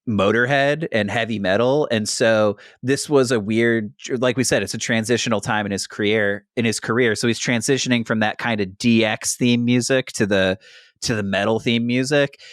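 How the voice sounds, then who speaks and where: A man co-hosting a wrestling podcast in casual, animated chat, joking around and slipping into silly impressions. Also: lowish voice, dry recording, clean studio sound. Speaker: podcast co-host.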